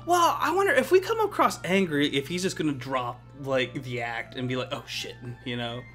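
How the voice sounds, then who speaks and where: Animated man playing a game. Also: mid-range voice, fairly quick, soft background music. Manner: joking, animated. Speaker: game player. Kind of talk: let's play commentary.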